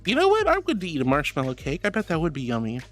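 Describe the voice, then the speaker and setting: A VTuber streamer chatting with viewers live, affectionately calling them honey and sweetheart, moving between soft reassuring advice and high excited thanks. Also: quick pace. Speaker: VTuber livestreamer. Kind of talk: casual livestream chat reading and pep talk. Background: faint music.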